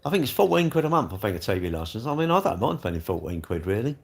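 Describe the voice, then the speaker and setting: A man's voice: lowish voice, sing-song, fast, creaky. Chatty man, rambling. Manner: rambling, jokey, chatty, answers viewers' comments. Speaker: livestream host reading chat. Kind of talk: casual live chat.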